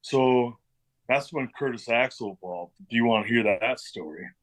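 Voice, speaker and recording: A man's voice: mid-range voice, normal speed, fairly bright tone, low-quality recording. A middle-aged man, a former pro wrestler, telling stories in a casual interview, swearing freely and acting out what people said. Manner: loose, swearing, acts out quoted dialogue.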